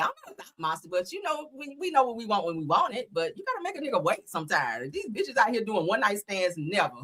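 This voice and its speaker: Brief: woman in her thirties, gossip host, bright lively voice, blunt and profane, quick to laugh. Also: a little high. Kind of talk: casual gossip commentary.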